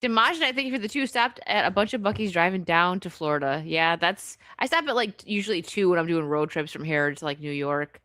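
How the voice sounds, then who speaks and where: A woman's voice: fairly low pitch, brisk, hardly any pauses, fairly bright tone, no echo. An American woman hosting a casual live stream, chatting and reading out viewer donations with frequent laughter. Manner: chatty, laughs often, reads donor messages aloud. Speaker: host.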